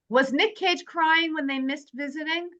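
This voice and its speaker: A woman's voice: high-pitched, bright, forceful tone. A woman hosting a casual movie club chat, reading from her notes and joking with friends. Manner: chatty, jokey, reads from prepared notes. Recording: dull lo-fi sound.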